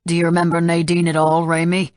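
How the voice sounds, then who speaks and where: A woman's voice: fairly low pitch, monotone, fast, darkish tone, no room sound, close to an everyday voice. A woman voicing a curt, dismissive middle-aged male senator, speaking dryly in an audiobook. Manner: dry, clipped.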